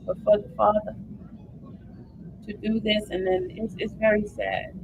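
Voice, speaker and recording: A woman's voice: medium pitch, unhurried, gravelly, noisy background. A woman hosting a livestream, giving emotional live commentary and reading updates aloud to viewers. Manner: animated, emotional, addresses viewers as y'all. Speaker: livestream host.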